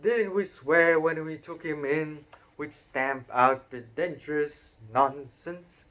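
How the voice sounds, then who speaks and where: A man reading a storybook aloud and voicing a gruff, blustering middle-aged uncle who shouts when angry. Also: on the high side, takes it slowly, pitched above the performer's own voice.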